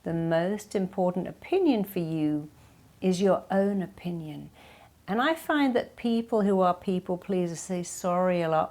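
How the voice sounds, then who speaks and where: Woman, middle-aged, lowish voice, emphatic, advice talk to camera. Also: moderate pace, darkish tone. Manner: emphatic, acts out quoted speech. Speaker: self-help advice host.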